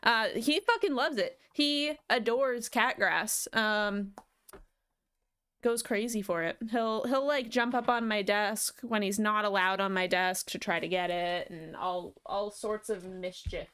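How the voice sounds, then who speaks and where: A woman's voice: medium pitch, a little slow, a bit bright, clear, resonant tone. A young adult woman streamer chatting casually and affectionately on a live stream, swearing now and then.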